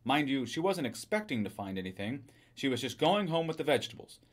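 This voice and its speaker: A man reads a short story aloud, carrying the narration with a steady, even delivery. His voice sits at a middle pitch. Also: a little fast. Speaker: reader.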